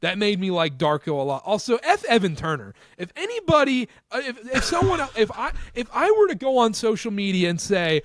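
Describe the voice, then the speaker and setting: A man co-hosting a casual basketball podcast, blunt and animated, mocking others when he retells their words. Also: high voice, fairly quick, hardly any pauses, no echo, clean studio sound. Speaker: podcast co-host. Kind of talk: casual sports talk.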